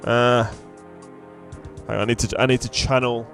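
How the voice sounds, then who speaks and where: A man's voice: medium pitch, normal speed, vocal fry, soft background music. A man, chatting casually and swearing as he plays through a game. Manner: relaxed, mumbly, swears, often laughs. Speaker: gaming host. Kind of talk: casual let's-play chat.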